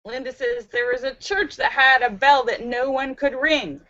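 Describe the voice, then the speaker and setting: A woman's voice: sits high, moderate pace, pushed and bright, no room sound. A woman hosting a live stream, reading out viewer jokes and laughing at the punchlines. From Los Angeles. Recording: dull, dry home recording.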